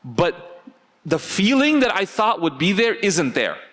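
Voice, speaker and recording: A man speaks to a class in a casual, conversational tone. He keeps checking in with his listeners through rhetorical questions. His voice sits fairly high and swings widely in pitch. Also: measured pace. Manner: animated, rhetorical questions to the audience. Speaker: teacher. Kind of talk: conversational religious class talk.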